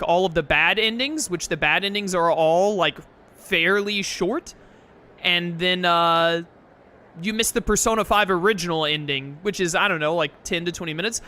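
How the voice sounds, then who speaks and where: A man's voice: high-pitched, bright, forceful tone. A man giving rambling, casual commentary while playing a game, filling his talk with "like.". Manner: rambling, heavy use of "like" fillers. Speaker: gameplay commentator. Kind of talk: casual let's-play commentary.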